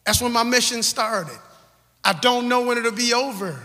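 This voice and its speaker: A man in his forties preaching in a church, with an extremely high voice that cuts sharply through the room. He exhorts the congregation, calling for responses and hammering phrases again and again in rhythm. His words ring out with a long hall reverb behind them. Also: normal speed, bright, forceful tone. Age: 40s. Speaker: pastor. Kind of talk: sermon. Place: church sanctuary.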